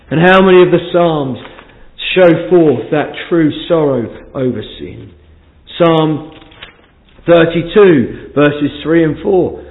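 A man preaching an evening sermon, asking the congregation earnest, pleading questions and reading scripture in old-fashioned wording. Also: a little high. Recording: tinny narrow-band sermon recording.

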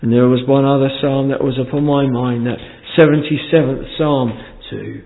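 Earnest preacher on a tinny recording. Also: male voice, medium pitch, level tone, moderate pace, hardly any pauses. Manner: earnest, pleading questions to the congregation; reads scripture in old-fashioned wording. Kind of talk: evening sermon. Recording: tinny narrow-band sermon recording.

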